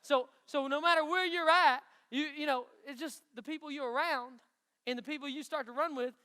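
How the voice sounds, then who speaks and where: A man's voice: very high-pitched, fairly even intonation, brisk, sharp tone. A man from Knoxville, Tennessee, with an East Tennessee country accent, giving a chatty, folksy youth sermon and asking the crowd questions. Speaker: youth pastor. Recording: long hall reverb.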